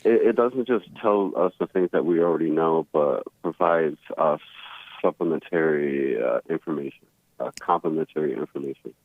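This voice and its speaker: A male caller on a phone-in show, speaking earnestly and haltingly and often repeating his words. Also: rumbling low, no room sound. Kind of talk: phone-in conversation. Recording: phone line.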